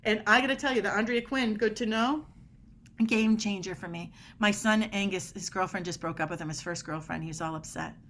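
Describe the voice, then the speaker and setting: A woman's voice: mid-range voice, a little fast, a bit bright. A middle-aged woman guest on a podcast interview, explaining body language in an emphatic way and acting out quoted dialogue.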